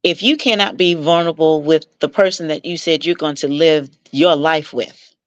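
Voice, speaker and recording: A woman with a slightly low voice tells stories from her coaching work in a lively, persuasive way. She slips into the voices of the people she quotes as she goes. The sound is dry and close, with no room echo. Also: moderate pace, highs cut off. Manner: animated, acts out quoted dialogue with jumps in pitch; warm, persuasive, mentoring tone. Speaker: marital coach, interview guest. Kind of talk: conversational storytelling.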